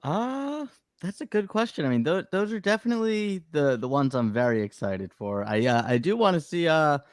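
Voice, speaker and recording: A man co-hosting a podcast, chatting casually about fight cards with a relaxed, hesitant delivery. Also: on the high side, moderate pace, clean tone, no echo, clean studio sound. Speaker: podcast co-host.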